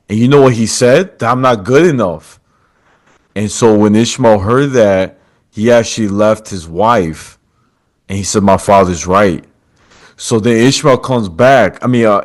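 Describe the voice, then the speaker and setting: Over a video call, a podcast host with a lowish voice at normal speed retells a story, quoting lines and calling his guest "brother." It's a relaxed, conversational bit of storytelling.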